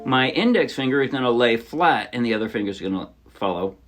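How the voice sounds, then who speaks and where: A man teaching a song on ukulele in a relaxed, casual way, often correcting himself as he explains. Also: mid-range voice, brisk, loud music behind the voice. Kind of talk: casual instructional talk. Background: his own ukulele playing.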